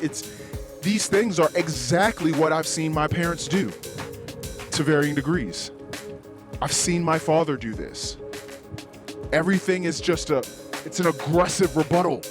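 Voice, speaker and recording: A man hosting a podcast, talking candidly and self-critically in a rambling way, swearing often and acting out heated quotes. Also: on the high side. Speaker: podcast host. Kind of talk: candid solo podcast confession.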